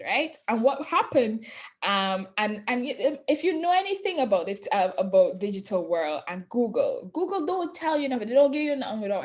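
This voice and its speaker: A woman's voice: medium pitch, big pitch swings, fairly quick. A woman giving a casual webinar presentation on digital marketing, chatty, laughing often and checking in with "right?". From not from Jamaica.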